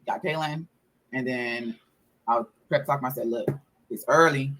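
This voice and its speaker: A woman's voice: extremely low pitch, unhurried, a bit bright, rough recording. A mother telling a story in a casual vlog, exasperated and profane, repeating herself as she vents about her kids.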